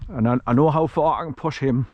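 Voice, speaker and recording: Lo-fi sound captures a man with a mid-range voice talking fast as he walks his dog down a countryside track outdoors. The vlogger rambles casually and chuckles often, narrating on an action camera he holds while walking.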